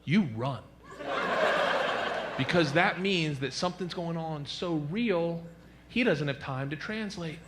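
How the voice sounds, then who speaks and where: A man doing a stand-up comedy routine, loud and animated, jumping into silly voices. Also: on the high side, takes it slowly, long pauses, heavy background noise.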